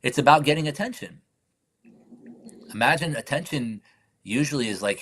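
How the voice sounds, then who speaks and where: A man hosting a live stream, talking casually and reflectively about faith and life, sometimes slipping into soft whispered affirmations. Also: medium pitch, animated, moderate pace, long pauses, husky. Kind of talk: casual spiritual chat.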